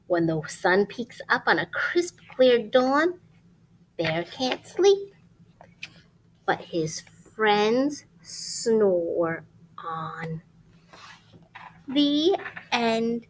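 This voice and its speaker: Expressive woman reading a storybook aloud. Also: high voice, a little hiss or hum, rough recording. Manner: expressive, hushes to a whisper.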